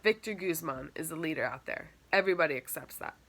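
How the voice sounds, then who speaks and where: A woman reading a first-person audiobook with steady, matter-of-fact storytelling. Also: low voice, fast. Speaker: audiobook narrator.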